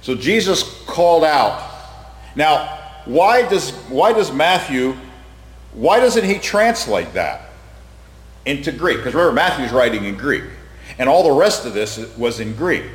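A man's voice: medium pitch, sing-song, measured pace. A man teaching a Bible study class in a conversational way, quizzing the group and often repeating his words. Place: room with a class present. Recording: echoey hall reverb.

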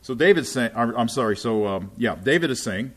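A man's voice: mid-range voice, lively intonation, fairly quick, fairly bright tone. Male preacher, mid-range voice, chatty teaching delivery that checks in with listeners. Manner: checks in with listeners often, asking "right?" and "okay?". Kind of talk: conversational Bible teaching.

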